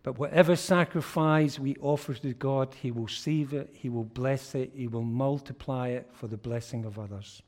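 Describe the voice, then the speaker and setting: A man preaching a sermon as pastor, telling stories with emphasis and letting phrase ends fall quiet. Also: medium pitch, normal speed, hardly any pauses.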